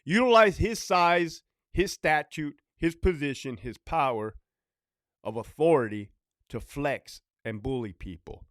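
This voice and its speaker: A man's voice: a little high, unhurried, a bit bright, no room sound, studio quality. A former prison officer telling stories in a casual monologue, blunt and profane, hammering his points by repeating them. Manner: blunt, profane, repetitive ranting.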